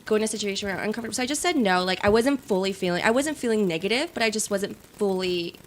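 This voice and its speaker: A woman guest tells a personal story on a podcast in a lively, conversational way. She keeps checking in with "right?" and fills her speech with "like". Her voice sits in an ordinary middle range, with light background noise. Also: medium pitch, racing. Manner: animated storyteller, many "like" and "right?". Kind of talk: casual chat.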